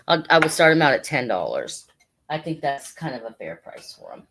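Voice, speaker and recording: A woman's voice: low voice, lively intonation, moderate pace. A woman hosting an online sale, talking casually and rambling with lots of fillers as she prices each item. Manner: chatty, rambling, with many fillers. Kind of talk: casual live sale patter.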